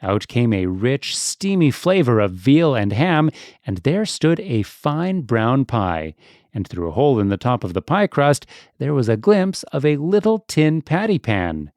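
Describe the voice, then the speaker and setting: A man reading a classic children's storybook aloud, with a lively, expressive pitch that rises and falls through each sentence. His voice sits at an ordinary middle pitch. The recording is close and dry, with no room sound. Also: unhurried, no echo. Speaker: audiobook narrator. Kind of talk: children's audiobook narration.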